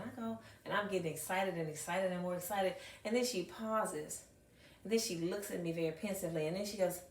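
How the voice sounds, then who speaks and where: A middle-aged woman teacher speaks in a lowish, gravelly voice, driving her points home by repeating phrases and playing out little scenes. She sounds set back from the microphone in an echoey room. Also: a little fast. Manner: emphatic, acts out dialogue, repeats phrases for effect. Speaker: high school math teacher and speaker. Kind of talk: storytelling talk to an audience. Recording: echoey room, mic at a distance.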